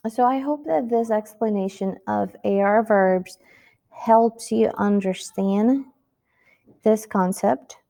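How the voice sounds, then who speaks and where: A woman's voice: medium pitch, takes it slowly, vocal fry, dark tone. A woman teaching a Spanish lesson, speaking patiently and asking the listener rhetorical questions. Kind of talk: recorded classroom lesson.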